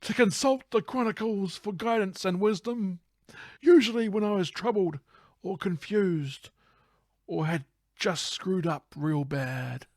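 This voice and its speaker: A man's voice: high-pitched, a little slow, no room sound, clean studio sound, voice pushed up. A man voicing a wise, older male ghostly mentor in a raised, earnest storytelling voice.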